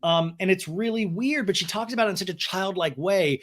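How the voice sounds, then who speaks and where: A man's voice: sits high, fairly quick, fairly bright tone. A man hosting a podcast, giving comedic recap commentary in a sarcastic, profane way. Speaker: podcast host.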